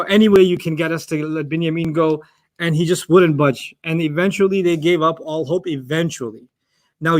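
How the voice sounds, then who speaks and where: A man giving a Quran lesson. He recites Arabic verses in a chant and explains the Arabic words patiently and at length. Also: a little high. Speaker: Quran teacher.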